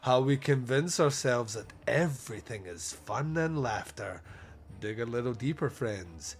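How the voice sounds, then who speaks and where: A man's voice: mid-range voice, lively intonation, a little slow, a little hiss or hum, pitched below the performer's own voice. A man whispering as a grim fire-and-brimstone preacher. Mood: ominous. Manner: hushed, ominous whisper. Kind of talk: whispered role-play.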